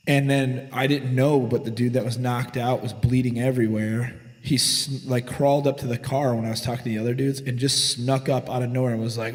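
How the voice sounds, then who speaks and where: A forty-year-old man trades loud, profane tales with his friends in a garage podcast. His voice sits at an ordinary middle pitch, and it carries a long, ringing reverb. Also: steady tone, a little fast. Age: 40s. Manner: profane, boisterous, swaggering. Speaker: podcast co-host. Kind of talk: casual storytelling chat.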